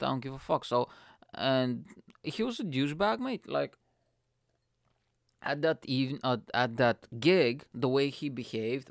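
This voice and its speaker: A man's voice: medium pitch, creaky, dry recording, studio quality. A young man, a stand-up comedian, rambling impulsively and swearing as he tells a story on his podcast. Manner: impulsive, profane, rambling, lots of fillers. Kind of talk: casual storytelling chat.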